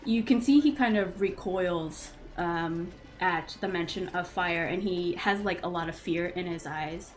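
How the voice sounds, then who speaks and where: A woman's voice: lowish voice, measured pace, few pauses. A woman narrating a tabletop role-playing game as game master, in a chatty manner with frequent fillers. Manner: chatty, with many fillers and restarts.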